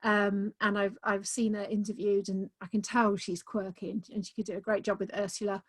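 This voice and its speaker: A woman's voice: medium pitch, level tone, fairly quick, no echo. A woman author talking enthusiastically about her books in a casual video-call interview, with many "um"s. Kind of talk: casual conversation.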